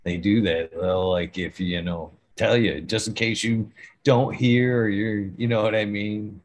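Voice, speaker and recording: A man's voice: lowish voice, steady tone, measured pace. An older man telling rambling, profane stories in a casual chat.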